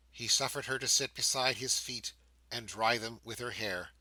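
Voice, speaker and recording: A man narrating a classic novel audiobook in a measured, expressive reading. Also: medium pitch, dry recording, rough recording. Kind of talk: scripted narration.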